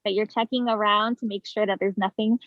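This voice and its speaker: A woman's voice: medium pitch, fairly even intonation, fairly quick, dry recording, muffled recording. A woman educator recapping advice for residents in a friendly, casual way. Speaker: vector control educator.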